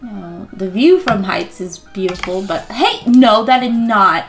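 A woman's voice: mid-range voice, animated, a little slow. A woman playing a video game with her daughter, chatting casually, giggling, and yelping and squealing at the scary parts. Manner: giggly, playful, yelps and squeals at scares. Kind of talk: casual gameplay chat. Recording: game music playing behind the voice. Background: game music.

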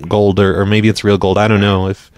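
Deadpan low-voiced prank-call host. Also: male voice, brisk, no room sound. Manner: deadpan, stammers and repeats words. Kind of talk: live prank phone calls.

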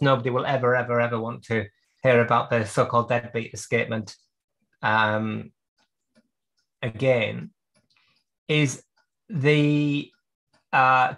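A man's voice: mid-range voice, fairly bright tone. A man teaching clock repair during a live video call, working at a bench and thinking aloud as he explains each step. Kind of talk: live workshop demonstration.

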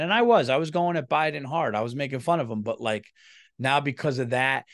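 A middle-aged male comedian at a medium pitch, talking straight to his listeners. He rambles through an anecdote, curses often and doubles back mid-sentence in a loose, chatty way. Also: brisk. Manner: profane, rambling, restarts sentences. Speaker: comedian and podcast host. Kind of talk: casual storytelling monologue.

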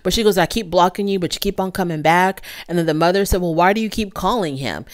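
Chatty woman recapping a reality show. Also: quick pace. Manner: chatty, acts out quotes with pitch jumps. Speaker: TV recap host. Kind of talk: casual episode recap.

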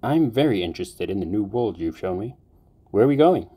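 Brief: composed young man, low voice, coldly mocking when pressed, read by a male narrator. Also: animated, mellow, slightly rough. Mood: earnest. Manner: measured and earnest, turning cold and mocking. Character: calm, capable young man, later mocking captor.

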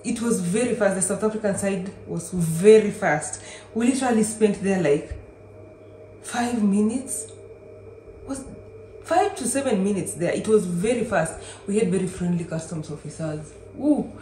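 A woman's voice: mid-range voice, normal speed. Chatty Kenyan woman vlogging road trip. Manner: chatty and excitable, with bursts of exclamation. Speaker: travel vlogger. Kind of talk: casual travel vlog narration. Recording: echoey room with faint noise.

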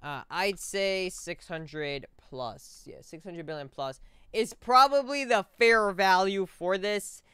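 A man chatting through gameplay in a crisp, clean voice that sounds close and dry. He rambles, stumbles over his words and keeps saying "bro". His talk is loose and unscripted. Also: high voice, slow, pushed and bright, no echo. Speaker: gaming video host. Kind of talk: casual gameplay commentary.

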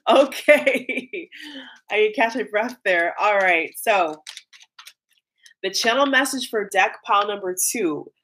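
A woman's voice: mid-range voice, unhurried, sharp tone. A woman giving a casual pick-a-card tarot reading, chatty and full of fillers like "like" and "um". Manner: chatty, filler-heavy, breaks into laughs.

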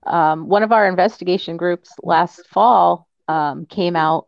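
A woman guest telling her paranormal experiences in a relaxed way, acting out what people said. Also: on the low side, unhurried, creaky, no echo, highs cut off. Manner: relaxed storyteller who acts out dialogue. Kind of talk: casual chat.

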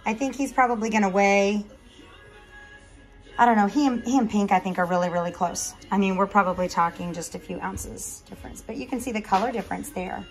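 A woman's voice: brisk, faint music behind, rough recording. A woman breeder chatting casually to the camera about her puppies, now and then cooing at them in a sing-song voice. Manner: chatty, coos in a higher voice to the puppies. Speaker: dog breeder.

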